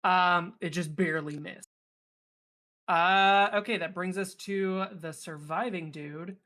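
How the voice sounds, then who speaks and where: A man's voice: high-pitched, fairly even intonation, takes it slowly, sharp tone. A young man narrating as game master, rambling with lots of fillers and restarts.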